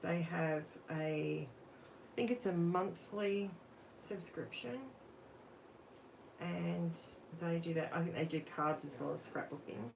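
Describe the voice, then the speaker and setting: An Australian woman chats her way through a live crafting session, talking to her viewers as she works. She speaks slowly in a somewhat low voice. A faint hum of background noise sits under her voice. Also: vocal fry, rough recording. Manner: chatty, talks to viewers while working. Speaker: crafting livestream host. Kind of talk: casual live crafting chat.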